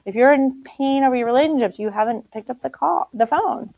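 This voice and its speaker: A woman's voice: sits high, brisk, gravelly, no echo, narrow, tinny audio. A middle-aged woman teaching a spiritual group, blunt and emphatic, laughing often.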